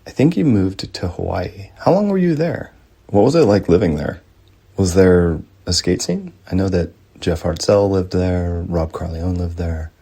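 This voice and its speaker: A man's voice: deep voice, lively intonation, normal speed, warm tone, slightly rough. A man leaving a friendly, direct recorded question for a guest.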